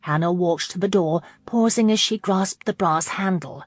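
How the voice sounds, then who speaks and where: Low-voiced woman reading a romance novel. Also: moderate pace, no echo. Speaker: audiobook narrator. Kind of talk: scripted narration.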